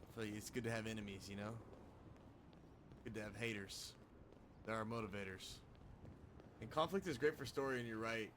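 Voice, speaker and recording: Laid-back, low-voiced, profane streamer. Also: male voice, a little fast, pauses often, noisy background. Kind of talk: casual chat with viewers.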